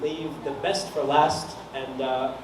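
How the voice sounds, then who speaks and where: A man's voice: medium pitch, fairly even intonation, slow. A man hosting a comedy show, introducing acts with dry, self-deprecating jokes. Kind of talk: deadpan emcee banter. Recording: echoey room, voice from far off, noticeable noise.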